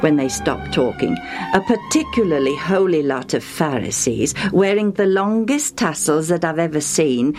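A woman reading a Bible story aloud to children, gentle and expressive. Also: fairly low pitch. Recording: music under the voice.

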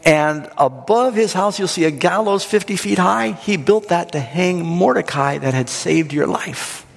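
A man's voice: sits high, lively intonation, a little slow, vocal fry, pitched above the performer's own voice, full character voice. A man playing a royal servant eagerly passing tips to the king, in a reverberant hall. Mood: confiding.

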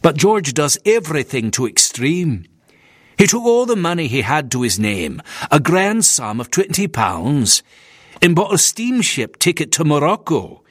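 Man voicing a fussy Victorian clergyman, disapproving, stiff, lively rising and falling pitch, dry close sound. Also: unhurried, dry recording. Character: nervous disapproving male Victorian minister.

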